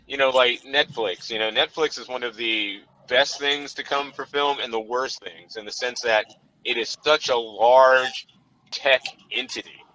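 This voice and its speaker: Behind the wheel, this podcast co-host chats loosely about films, wandering off track and leaning heavily on "you know." He speaks at medium pitch, a little slowly, with a steady, bright, forceful delivery. The audio is dull and lo-fi, with a faint noise underneath.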